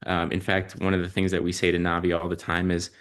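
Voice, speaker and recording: A man speaking as a podcast guest and parent, telling stories in a reflective, halting way with many ums and uhs. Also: deep voice, completely flat delivery, a bit bright. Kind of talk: reflective conversational storytelling.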